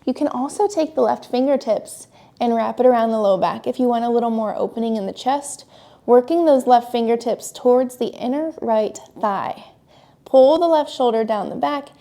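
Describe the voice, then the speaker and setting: Calm woman guiding a yoga class. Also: a little high, moderate pace. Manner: calm, encouraging step-by-step instructions. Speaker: yoga instructor. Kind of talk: guided yoga class cues.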